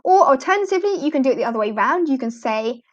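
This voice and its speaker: A woman's voice: on the high side, fast talker, highs cut off. A woman walking teachers through online lesson slides in a chatty, practical way. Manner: chatty, practical, models prompts for students. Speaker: ESL teacher trainer. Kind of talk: instructional screen walkthrough.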